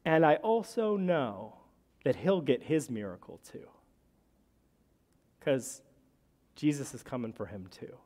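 A man's voice: medium pitch, darkish tone. Guy preaching in a church, chatty storyteller vibe, long echo off the hall. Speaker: pastor. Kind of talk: sermon.

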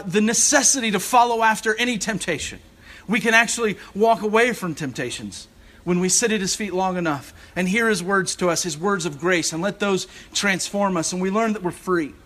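This assistant rector's sermon comes in a high, pushed, bright voice. He sounds earnest and searching, frequently restarting phrases and leaning on fillers.

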